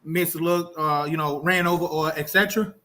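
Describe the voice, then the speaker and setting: A man's voice: a little high, fairly even intonation, moderate pace, sharp tone. A man on a panel who asks questions in a hesitant way, searching for words as he goes. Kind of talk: casual discussion.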